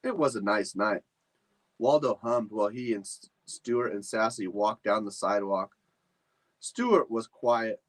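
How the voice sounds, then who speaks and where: A man reading a chapter book aloud for children at a library storytime, in an expressive, animated manner. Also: lowish voice, unhurried, poor audio.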